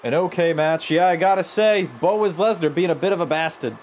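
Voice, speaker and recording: A man's voice: fairly high pitch, brisk, a little mellow, a little hiss or hum, rough recording. A man streaming a wrestling video game, calling the action in a bombastic mock announcer voice and bantering with the chat.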